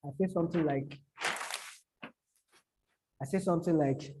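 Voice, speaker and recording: A man's voice: fairly high pitch, noisy background. A man teaching how to write social media captions, repeating himself and breaking off into spoken examples. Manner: repetitive, halting, gives spoken examples. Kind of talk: explaining to a small audience.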